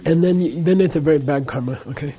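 A man with a high voice teaches a Buddhist class. He talks loosely and conversationally, and he keeps checking in with his listeners. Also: fast, mellow. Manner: conversational, frequent "okay?" and "you know".

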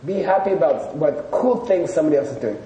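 Male Buddhist teacher, slightly higher voice, mellow, conversational storyteller, distant mic, faint hiss. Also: expressive, quick pace. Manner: storytelling, loose and chatty with fillers. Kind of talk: casual lecture to a live audience. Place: room with a live audience. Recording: echoey room, distant mic, faint noise.

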